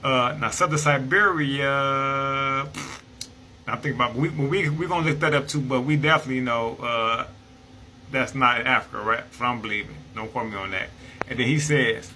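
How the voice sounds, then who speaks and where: A man's voice: medium pitch, normal speed, sharp tone, slight background noise, poor audio. A man reading passages from an old book and explaining them in a casual, conversational way, often checking in with "right?". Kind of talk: casual explanatory talk with read-aloud quotes.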